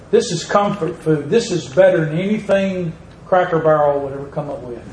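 Male preacher, measured and emphatic, faint room noise behind. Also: a little high, a little mellow. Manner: slow, emphatic preaching with drawn-out words and rising stresses. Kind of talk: sermon. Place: church sanctuary. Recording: echoey room with faint ambience.

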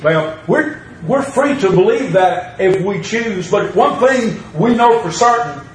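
This sermon comes from a man whose high voice has lively intonation and a slightly slow pace; he reads scripture aloud and repeats phrases for emphasis. It was captured at a distance in an echoey room, and the low-quality audio carries a little hiss or hum.

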